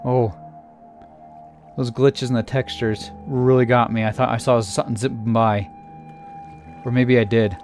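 A man narrating a scary game playthrough in a theatrical way, dropping to a hush and then shouting in panic. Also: mid-range voice, fairly even intonation, a little slow, long pauses, soft background music. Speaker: let's player. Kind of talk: acted creepypasta gameplay narration.

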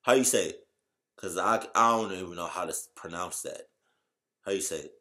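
A man in a casual vlog, reacting with loud exclamations and slangy chatter while trying out a translation app. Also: low voice, a little fast. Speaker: YouTuber.

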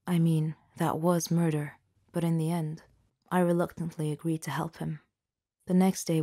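A woman narrating a scripted first-person story for an animated storybook video, reading steadily and evenly. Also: sits low, slightly rough.

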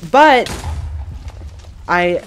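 A streamer chatting casually while gaming, excitable, gasping and quick to panic. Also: male voice, high-pitched, soft background music.

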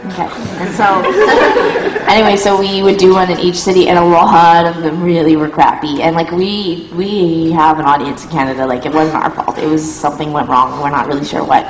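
A woman's voice: fairly low pitch, moderate pace, background noise. A young adult woman musician telling a rambling tour story in casual chat, with lots of "like" and "um". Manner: rambling, full of "like" and "um", laughing at her own story. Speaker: touring musician. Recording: echoey room.

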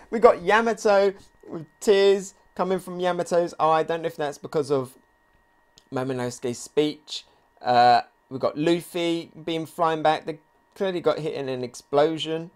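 A man hosting a live comic reaction video, reading pages aloud and thinking out loud with excitement. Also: a little high, measured pace. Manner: excitable, thinks aloud, reads quotes along. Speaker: manga reaction video host.

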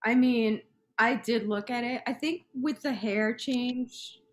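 Chatty woman, slightly high voice. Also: steady tone, slow. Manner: chatty, trails off mid-sentence. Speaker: podcast co-host. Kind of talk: casual chat.

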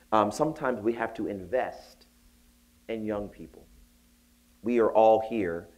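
A man from the Southern United States giving a conference keynote, telling stories in an animated, joking way with acted voices. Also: medium pitch. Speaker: keynote speaker. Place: conference hall.

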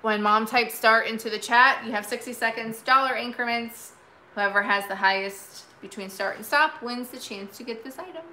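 A woman's voice: fairly high pitch, moderate pace, sharp tone, a little hiss or hum, rough recording. A woman hosting a live vintage sale, chatting casually and repeating each bid aloud.

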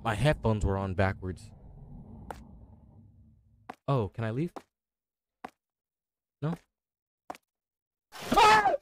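A man's voice: lowish voice, lively intonation, slow pace, long pauses, a little hiss or hum. A young man giving jokey let's-play commentary on a horror game, reacting aloud and talking back to the characters. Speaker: gaming YouTuber.

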